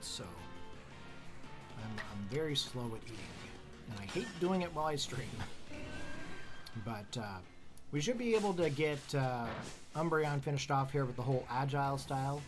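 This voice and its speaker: A Canadian man streaming a game live, chatting casually and chuckling often in a self-deprecating way. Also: medium pitch. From Canada, northern New Brunswick. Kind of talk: casual live-stream chat while gaming.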